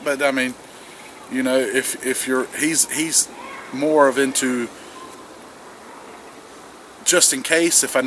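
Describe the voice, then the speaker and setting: A man's voice: mid-range voice, bright, forceful tone. A man talking to camera in the woods about preparedness, rambling and restarting his sentences. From South Carolina, US. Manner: rambling, repeats words and restarts, earnest. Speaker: prepper vlogger. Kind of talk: casual outdoor vlog monologue. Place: wet woods outdoors. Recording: noisy outdoor camera audio. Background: outdoor ambience, distant aircraft.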